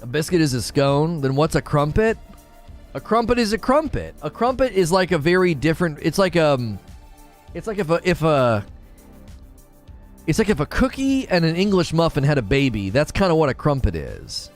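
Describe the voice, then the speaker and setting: Man streamer, casual jokey chat, lively pitch, faint music behind. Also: moderate pace. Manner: jokey, laughs often, does mock British voices.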